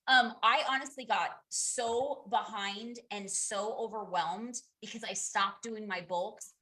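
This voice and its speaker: Woman in her thirties, team leader on a group call: chatty, candid, restarts often, bright forward tone. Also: mid-range voice, slow pace. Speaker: direct sales team leader. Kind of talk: casual group coaching call.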